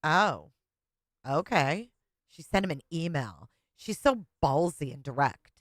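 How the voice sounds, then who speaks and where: A woman's voice: sits low, animated, takes it slowly, no echo. Sarcastic woman hosting live commentary. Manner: sarcastic, blunt, swears casually. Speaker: host. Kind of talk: live commentary over a played clip.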